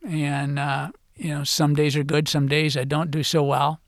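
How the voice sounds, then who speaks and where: A man's voice: a little high, level tone, creaky, no room sound. Hesitant older man, dry close sound. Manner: hesitant, halting, trailing off quietly. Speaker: author and guest. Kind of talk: radio interview answers.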